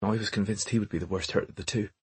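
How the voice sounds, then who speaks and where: A man's voice: fairly low pitch, steady tone, fast talker, slightly rough, dry recording. A man voicing a serious Irish nanny in her thirties, telling her story earnestly. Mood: recounting.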